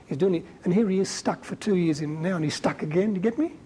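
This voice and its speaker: A man giving a conversational Bible teaching as a preacher, talking in an animated, colloquial and emphatic way. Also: high voice, fast talker, a little hiss or hum, rough recording.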